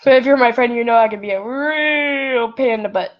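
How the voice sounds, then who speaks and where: A woman's voice: fairly high pitch, a little fast, dull audio. A woman reading fan fiction aloud in a rambling way, often breaking off to apologize, recorded at home at night on a built-in device mic. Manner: rambling, self-interrupting, apologetic. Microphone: built-in device mic, no proper microphone.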